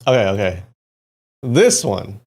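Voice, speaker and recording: A man's voice: fairly low pitch, big pitch swings, slow pace, a little mellow, slightly rough. A man hosting a casual livestream, chatting to his viewers while he types, with restarts and muttered asides. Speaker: livestream host.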